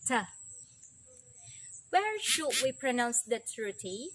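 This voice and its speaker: A young woman, a native Indonesian speaker, teaching an English pronunciation lesson slowly and repeating each example word twice. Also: on the high side, fairly bright tone, poor audio. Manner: slow, deliberate, repeats example words twice. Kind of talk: recorded classroom lesson.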